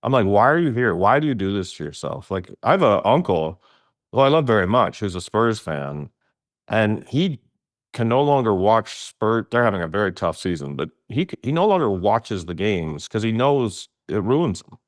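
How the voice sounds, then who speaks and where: A middle-aged man with a lowish voice tells stories at a normal pace in casual conversation, recorded in a clean studio with no room sound. He's an animated storyteller who laughs often and jumps his voice up for emphasis.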